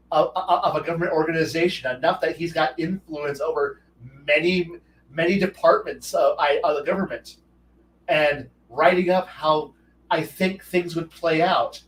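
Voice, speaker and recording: A rambling, profane man holds forth on tabletop gaming, often restarting his sentences. His voice sits a little high for a man. He sounds set back from the mic in an echoey room with a faint hiss behind him. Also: a bit bright. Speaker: host. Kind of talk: casual rambling talk. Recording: roomy echo, distant from mic, faint noise.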